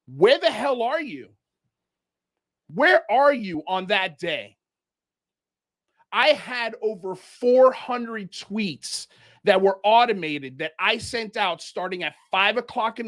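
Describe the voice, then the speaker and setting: A man's voice: high-pitched, a bit bright. A man from Miami hosting a livestream, ranting in heated commentary as he calls people out. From Miami, United States. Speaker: show host.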